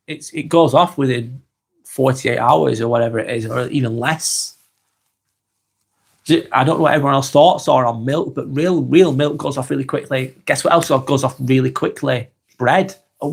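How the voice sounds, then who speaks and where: A man in his forties with a Lancashire accent, hosting a calm live vlog and reading comments while he has a cold. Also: medium pitch, vocal fry, husky. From East Lancashire, England. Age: 40s. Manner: unhurried, reflective, musing aloud with tag questions.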